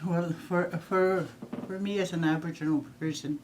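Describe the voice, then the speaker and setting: An older woman from Northern Manitoba speaks slowly and haltingly, often repeating her words as she introduces herself. Her voice is warm and mellow. A faint hiss of noise sits under the recording. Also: on the low side, fairly even intonation. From Northern Manitoba, Canada. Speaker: church minister and elder. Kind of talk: personal introduction in a video.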